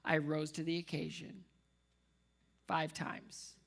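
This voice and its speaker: A man's voice: a little high, monotone, slow pace, creaky, a bit bright. A man giving a humorous personal storytelling speech as a guest speaker at a dinner, with comic timing, repeated words for effect, and acted-out voices of the people he quotes. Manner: acts out quoted voices of others.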